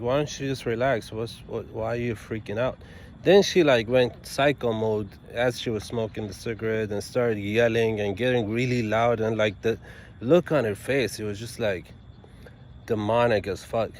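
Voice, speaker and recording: Man, casual rambling storyteller with lots of restarts, mid-pitched, light traffic noise behind him. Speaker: attorney and vlogger telling a story.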